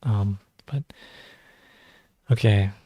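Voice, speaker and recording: A man's voice: lowish voice, drawn-out words, warm tone, no room sound. A man hosting a casual livestream Q&A, rambling and conversational, full of fillers as he teaches natural farming.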